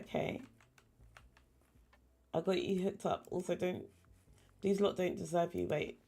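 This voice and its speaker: A woman's voice: fairly low pitch, big pitch swings, unhurried, long pauses, warm tone. A woman chatting casually while playing a game, talking to herself and to the animals in it. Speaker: game streamer. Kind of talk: casual gameplay chat.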